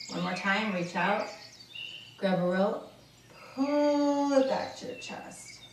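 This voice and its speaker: A woman instructor guiding a seated exercise class, with slow, step-by-step encouraging cues. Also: medium pitch, animated. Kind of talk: guided seated workout instruction. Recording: roomy sound from a distance, faint noise.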